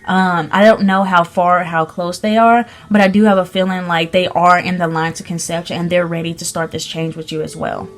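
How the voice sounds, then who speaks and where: A woman's voice: fairly low pitch, flat delivery, a little fast, few pauses. Gushing chatty woman reading tarot. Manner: chatty, gushing, many ums and restarts. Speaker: spirit baby medium giving a tarot reading. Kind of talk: casual tarot reading to viewers.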